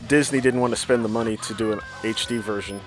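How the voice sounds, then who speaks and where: A man's voice: fairly low pitch, steady tone, quick pace. Male reviewer, easygoing and digressive, faint music underneath. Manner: chatty, digressive, trivia-filled. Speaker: show reviewer. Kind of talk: casual watch-along commentary.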